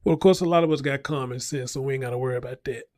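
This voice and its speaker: A man's voice: mid-range voice, very fast, darkish tone, no echo, clean studio sound. Blunt, profane man hosting news commentary. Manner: blunt, profane, repeats points emphatically. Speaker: show host.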